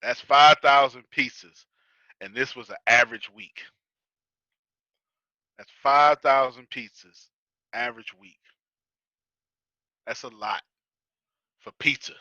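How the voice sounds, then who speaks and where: A man's voice: mid-range voice, slow pace, pauses often, bright, forceful tone, no echo, dull audio. Folksy American man with a Texas accent. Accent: Texas, Houston area. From United States. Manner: folksy, joking, colloquial. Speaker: business coach teaching a class. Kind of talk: casual teaching talk to a live audience.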